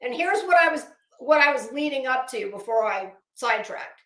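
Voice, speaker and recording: A woman hosts a casual livestream in a bright, high voice. She is chatty and opinionated and speaks directly to her chat. The room around her gives a noticeable echo. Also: expressive, moderate pace. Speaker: livestream commentary host. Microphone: phone.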